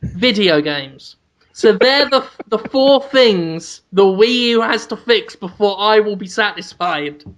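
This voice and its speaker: Deadpan man ranting in mock seriousness. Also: high voice, slow pace. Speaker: podcast co-host. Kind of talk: casual comedic chat.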